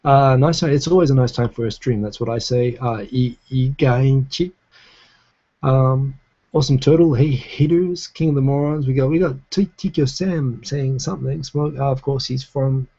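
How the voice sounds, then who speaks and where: Speaking in a gravelly, dark, slightly rough mid-range voice at a moderate pace, this New Zealander with a New Zealand accent hosts a relaxed live stream from his Tokyo home. He rambles through chat and viewer comments, restarting often and using lots of fillers, on a recording with the highs cut off.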